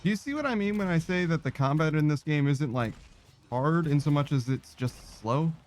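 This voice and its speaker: A man's voice: fairly high pitch, expressive, normal speed. A man giving let's-play commentary in a sardonic, profane, rambling way. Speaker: gaming streamer.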